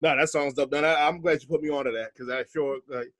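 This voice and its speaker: A man hosting a casual music chat, relaxed and slangy, laughing often. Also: fairly high pitch, fast. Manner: laid-back slangy talk, laughs often. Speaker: podcast host.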